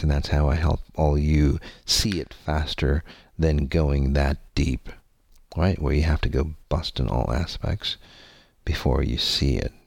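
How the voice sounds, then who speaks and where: A man's voice: very deep voice, creaky, a little mellow, no echo, studio quality. A man telling a candid personal story to his audience, rambling and earnest, with many fillers and some casual swearing.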